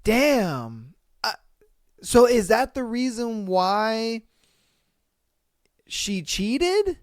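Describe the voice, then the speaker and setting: A man hosting a casual podcast, reacting to listener posts with profane disbelief and loud bursts of laughter. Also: very high voice, very animated, drawn-out words, no echo, studio quality. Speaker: podcast host.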